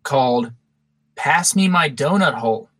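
A man's voice: mid-range voice, expressive, unhurried, a bit bright, no echo. A man in casual chat, playful, prompting with short questions and laughs.

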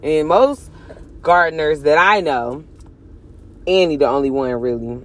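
Young woman vlogger, chatty and profane, jumps between loud and hushed. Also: low voice, measured pace. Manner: animated, swings from loud bursts to hushed asides, cursing and joking. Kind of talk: casual chat to camera.

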